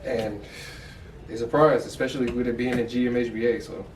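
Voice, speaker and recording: A man's voice: mid-range voice, steady tone, brisk, a little hiss or hum. An American man co-hosting a sports podcast, breaking down a game in candid, loose, profane chatter. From United States. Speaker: podcast co-host. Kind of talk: casual sports analysis chat. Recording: echoey room, mic far off.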